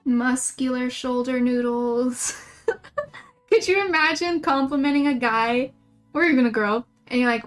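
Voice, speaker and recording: A woman's voice: high voice, a little slow, faint music behind. Giggly young woman rambling while drawing. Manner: rambling, giggly, self-mocking. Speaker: streamer. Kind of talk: casual livestream chat while drawing.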